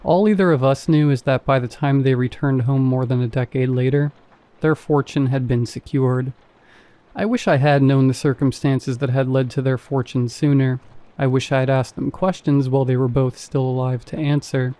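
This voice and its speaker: Calm man with a mellow voice. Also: medium pitch. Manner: calm, measured reading. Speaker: horror story narrator. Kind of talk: scripted narration.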